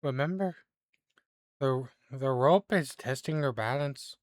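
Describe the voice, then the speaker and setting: A man's voice: mid-range voice, slow pace, no room sound, studio quality, natural voice. A man doing a mysterious fey fortune teller woman. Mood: cryptic. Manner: improvised, emphatic whisper-turned-speech.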